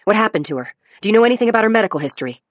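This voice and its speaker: A woman voicing a brisk, commanding female emergency doctor. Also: medium pitch, animated, no room sound, studio quality, voice pushed up, natural voice.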